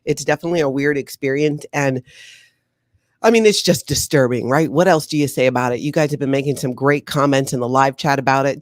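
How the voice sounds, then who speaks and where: A woman hosting a casual livestream, chatty and animated, laughing often. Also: low voice, no echo, clean studio sound. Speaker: livestream host.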